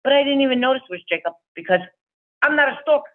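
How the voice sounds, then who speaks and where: This middle-aged woman's voice sits high and sounds expressive, and she talks fast. In a casual chat heard through a tinny phone line, she rambles through a fan story, voicing each person she quotes.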